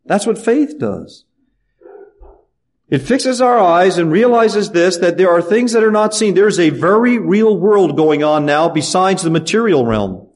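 Middle-aged man, pastor mid-sermon; earnest, questioning delivery, voice a bit on the high side. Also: expressive, normal speed, few pauses. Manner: earnest preaching with rhetorical questions.

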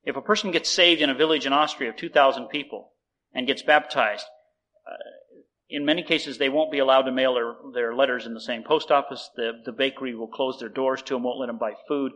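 A man preaching a sermon, telling a story and acting out both sides of the conversation in an animated way. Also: medium pitch, poor audio.

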